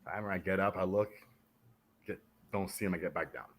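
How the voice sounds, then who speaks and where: Man, deep voice, from Canada, military veteran, animated storyteller, podcast guest. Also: fast talker, slight background noise. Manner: animated, acts out the voices of others in his stories. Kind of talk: casual storytelling in a podcast interview.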